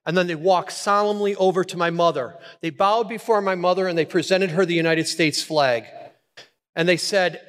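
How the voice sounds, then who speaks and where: A middle-aged man preaching a sermon, telling a personal story with dramatic pauses and repetition. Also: sits high, fairly bright tone. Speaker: pastor. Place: church hall. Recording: long hall reverb.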